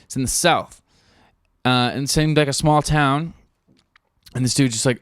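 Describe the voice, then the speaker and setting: A man's voice: medium pitch, normal speed, long pauses, clear, resonant tone, dry recording. A man hosting a podcast, rambling casually in a studio, swearing freely and leaning on fillers. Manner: rambling, profane, full of fillers. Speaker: podcast host.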